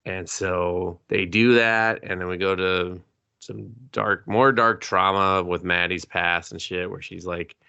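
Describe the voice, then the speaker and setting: A man's voice: low voice, fairly even intonation, a little slow, vocal fry, bright, forceful tone, smooth, dry recording, dull audio. A man co-hosting a casual movie podcast, recapping scenes with profane jokes and exaggerated voices for the characters. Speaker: podcast co-host.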